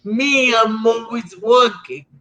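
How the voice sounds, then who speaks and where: A woman's voice: on the high side, slow pace, bright, forceful tone. A woman hosting a radio talk show, chatting casually with lots of "like" and "you know". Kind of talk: casual chat. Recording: dull lo-fi radio show audio.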